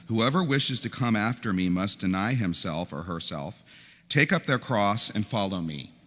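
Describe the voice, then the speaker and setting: An older male priest preaching a lively, conversational sermon, his fairly low voice carried on the long reverb of a big church. He breaks into quoted lines with animated delivery. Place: large church.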